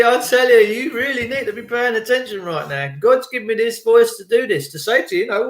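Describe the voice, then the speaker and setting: A man's voice: very high-pitched, a little fast, few pauses, roomy sound. A man delivering an indignant, sarcastic ranting monologue. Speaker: vlogger.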